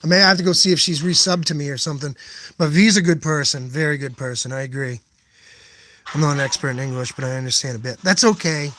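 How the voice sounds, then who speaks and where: A man's voice: a little high, fast talker, fairly bright tone, slight background noise. A man hosting a live stream, rambling as he answers chat comments one by one and thanking his viewers again and again in a casual, earnest way.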